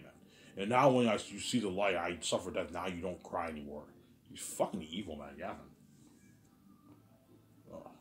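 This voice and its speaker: Deep-voiced man in a rambling monologue. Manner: repetitive, often trailing off quietly; intense, swearing. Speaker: vlogger.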